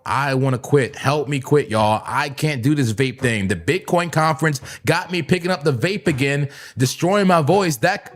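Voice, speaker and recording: A man hosting a live crypto trading stream, talking casually and excitably, with a voice hoarse and cracking from long streams. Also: mid-range voice. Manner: excitable, laughs often, sudden shouts. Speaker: crypto trading livestream host.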